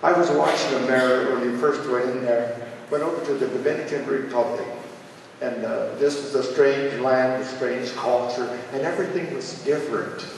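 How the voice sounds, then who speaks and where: A man in his seventies from Ohio, telling folksy stories at a charity fundraiser in a halting, rambling way with many filler sounds. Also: mid-range voice, steady tone, creaky, slight background noise. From Ohio, USA. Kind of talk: folksy personal storytelling. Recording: echoey hall, distant mic.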